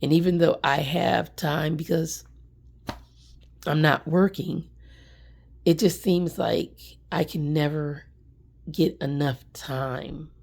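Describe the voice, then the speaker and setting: A woman with a low, dark, husky voice speaks slowly on a live stream, close to tears. She is earnest and keeps repeating her encouragement. She comes across as middle-aged. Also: steady tone. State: near tears. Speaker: small business owner. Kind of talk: emotional live stream talk.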